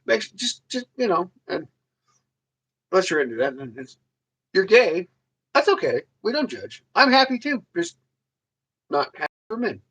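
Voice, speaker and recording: A man's voice: high-pitched, big pitch swings, normal speed, pauses often, a bit bright, breathy edge, rough recording. A man hosting a casual livestream, rambling and joking crudely while answering viewers. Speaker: livestream host.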